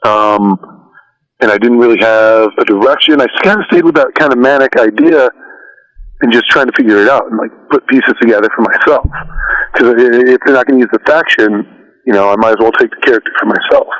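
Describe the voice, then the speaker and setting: A man as an interview guest, telling stories in a relaxed, rambling way with many fillers. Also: mid-range voice, fairly quick, rough recording. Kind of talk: casual storytelling interview.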